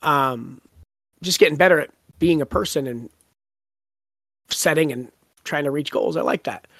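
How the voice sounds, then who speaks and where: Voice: medium pitch, normal speed, gravelly, a bit bright, no room sound, clean studio sound. A podcast host in casual book discussion, retelling scenes with a laugh and quoting lines.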